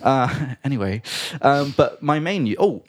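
This is a man of middle pitch hosting a podcast, cheerful and chatty. He pokes fun at himself and laughs easily. His talk is loose and conversational. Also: expressive, a little slow. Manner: chatty, upbeat and self-mocking, with frequent laughs. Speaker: podcast host. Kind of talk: casual chat.

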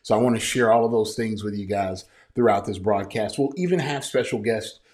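Male podcast host, business coach, low-pitched, earnest and loose, filler-heavy delivery. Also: fairly quick, darkish tone. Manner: casual, earnest, many fillers and restarts. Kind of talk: podcast introduction monologue.

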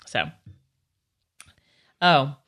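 A woman with a Southern accent co-hosting a casual faith chat, talking in an earnest, reflective, halting way. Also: a bit bright. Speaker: podcast co-host.

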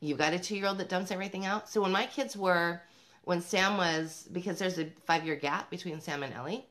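A woman's voice: lowish voice, a little fast, a bit bright. A woman talking to the camera as a parenting vlogger, upbeat and emphatic, speaking straight to other mothers and laughing between points. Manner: upbeat, emphatic, addresses viewers directly. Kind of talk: motivational talk to camera.

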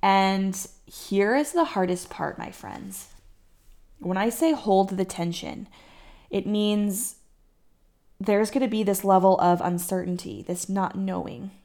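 A woman coach talks straight to her listeners in a relaxed, reassuring podcast monologue. Her mid-pitched voice keeps slipping into a gravelly vocal fry. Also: slow. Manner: warm, reassuring, acts out listeners' anxious inner voices. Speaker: fertility coach.

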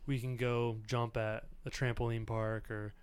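A man's voice: medium pitch, flat delivery, measured pace, clean tone. A man in his thirties hosting a casual podcast with his wife, talking in an earnest, reflective way with many filler words. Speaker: podcast host.

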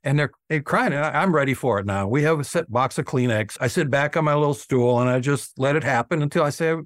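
A man's voice: mid-range voice, quick pace, no echo, studio quality. An older man, an oral surgeon, earnestly telling patient stories in an interview. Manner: earnest, acts out patient quotes. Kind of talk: storytelling interview talk.

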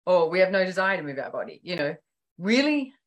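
Chatty woman telling lively stories. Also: lowish voice, a little fast. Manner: animated storytelling, acts out quoted dialogue; many fillers like "like" and "you know". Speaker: author and guest. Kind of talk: casual podcast conversation.

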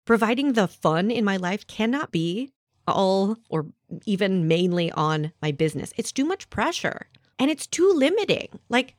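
A woman in her thirties hosting a solo podcast, talking to the listener in an animated, conversational way. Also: mid-range voice, moderate pace, no echo, clean studio sound. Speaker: podcast host.

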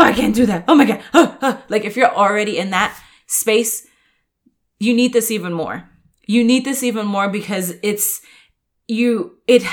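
Lady podcast host, chatty coach vibe, upbeat, lots of likes and restarts. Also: mid-range voice. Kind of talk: casual podcast monologue.

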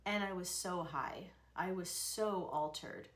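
A woman podcast host telling a personal story in a candid, expressive way, often laughing and sometimes swearing. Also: on the low side, slow.

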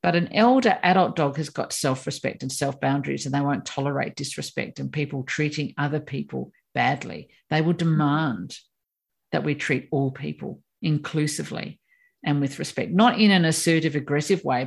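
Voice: mid-range voice, normal speed, creaky, husky. A course teacher explaining ideas in an emphatic conversational way, acting out quoted voices. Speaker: course teacher on personality animals.

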